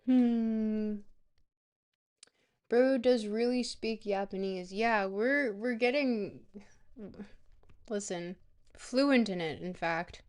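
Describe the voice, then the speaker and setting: A woman streamer chatting casually to her viewers, rambling between bites and filling pauses with ums. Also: medium pitch, a little mellow.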